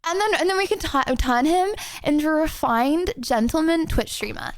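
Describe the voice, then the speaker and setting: A woman's voice: sits high, expressive, moderate pace, dry recording. A woman in her twenties with an English accent, improvising a prim job-interview role-play for her stream with lots of ums. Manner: playfully prim, hesitant with many ums. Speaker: livestreamer.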